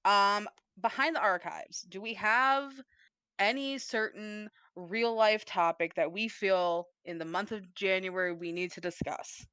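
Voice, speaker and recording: A woman's voice: medium pitch, a little slow, sharp tone, clean tone, dry recording. A woman co-hosting a podcast in casual chat, playful and rambling, swearing freely. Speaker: podcast co-host. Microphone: desk mic, typing nearby.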